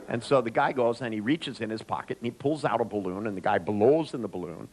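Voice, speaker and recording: A man's voice: on the low side, fast talker, hardly any pauses, low-quality recording. A man giving a live seminar talk to an audience, joking and telling anecdotes as he speaks to them directly. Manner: animated storyteller, joking, addresses audience directly.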